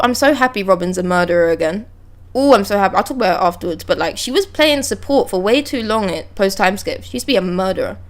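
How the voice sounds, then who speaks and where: Speaking into a close desk microphone on a live stream, a woman with a medium-pitched voice chats casually. She's blunt and talkative, swears freely, and reads panels aloud between her reactions.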